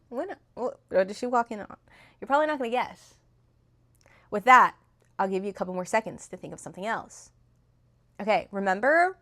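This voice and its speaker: Recorded on a phone, this book reviewer is a young woman whose mid-range voice sounds a bit bright. She rambles through a novel's plot in a casual review chat, with plenty of fillers and restarts.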